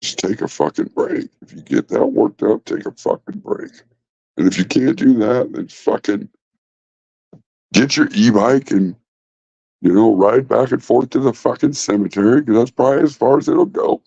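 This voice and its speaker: A man's voice: medium pitch, normal speed, creaky, warm tone, no echo. A man hosting a casual livestream from his phone, rambling and swearing bluntly. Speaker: livestream host. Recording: dull lo-fi phone audio.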